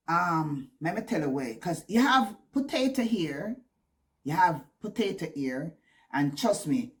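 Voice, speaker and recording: Lively Jamaican woman vlogging. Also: lowish voice. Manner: animated, laughs often, mixes in Jamaican patois. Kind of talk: casual storytelling to camera. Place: living in the West Country of England.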